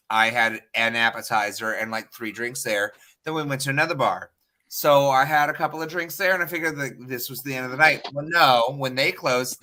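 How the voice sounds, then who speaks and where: A man in casual podcast chat, animated and exclaiming as he tells a drinking story. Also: medium pitch. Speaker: podcast co-host.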